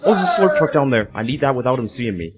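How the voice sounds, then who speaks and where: Young man, gameplay commentary, joking and excitable, very lively pitch, noisy background. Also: rapid-fire. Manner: excitable, joking, often laughing. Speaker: gaming video creator.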